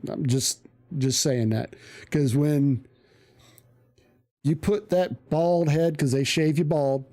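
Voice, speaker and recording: A man with a fairly high, mellow voice tells a story in loose, casual talk. He swears freely and jumps into the voices of the people he quotes. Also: slow pace. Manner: profane, animated, acts out quoted voices. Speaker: streamer telling a story.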